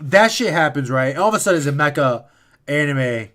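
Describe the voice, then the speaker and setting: Animated, profane young man telling a story. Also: fairly high pitch, fairly quick. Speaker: podcast co-host. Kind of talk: casual chat.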